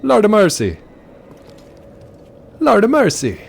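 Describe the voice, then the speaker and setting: A man putting on a friendly male delivery driver, in a put-on Jamaican accent that slides into Irish, with a high, chirpy, drawn-out voice. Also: huge pitch swings, creaky, slightly rough, full character voice. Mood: exclaiming. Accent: put-on Jamaican drifting into Irish. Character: friendly male delivery driver, sing-song island lilt drifting Irish.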